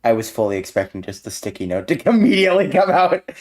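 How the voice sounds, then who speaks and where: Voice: mid-range voice, big pitch swings, fast talker, darkish tone. A player in a tabletop game, chatting casually and laughing a lot.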